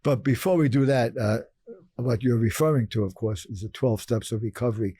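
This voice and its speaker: A man's voice: medium pitch, a little fast, warm tone, breathy edge, no echo. An older man from Brooklyn, telling stories emphatically as a podcast guest and repeating phrases for effect. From Brooklyn, New York. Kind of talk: storytelling interview talk.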